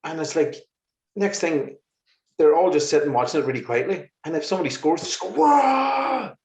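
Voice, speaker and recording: Man telling lively anecdotes. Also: on the high side, fast talker. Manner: lively, exasperated anecdotes with laughs. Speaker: musician guest. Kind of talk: casual interview storytelling. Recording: roomy, slightly muffled recording.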